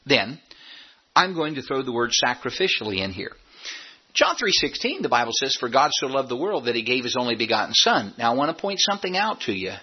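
A man with a husky voice preaches to his congregation in a folksy, joking manner, lifting his voice high on points he wants to land. The recording is dull and lo-fi, as if taped from the church sound system. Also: big pitch swings, brisk. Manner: folksy preaching with rising emphatic peaks and humor. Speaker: pastor. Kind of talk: sermon. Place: church sanctuary.

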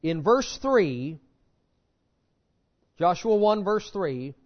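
A pastor preaches fervently to his congregation, driving hard on key words, then dropping low and intense. His voice sits high for a man. The church recording sounds dull and lo-fi. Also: expressive, a little slow. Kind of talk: sermon.

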